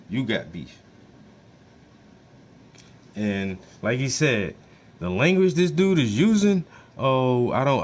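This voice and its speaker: A man hosting a livestream, reacting to a speech in loose, slangy, profane talk that often repeats itself. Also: medium pitch. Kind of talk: casual livestream commentary.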